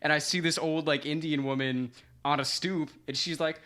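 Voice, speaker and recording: A man co-hosting a podcast, telling a story in casual chat, animated and swearing freely, acting out what people said. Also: on the high side, moderate pace. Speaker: podcast co-host.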